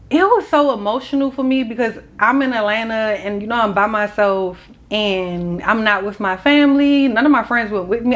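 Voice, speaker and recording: A woman's voice: on the high side, muffled recording. A young woman, telling a personal story in a casual, candid and emotional vlog. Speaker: vlogger.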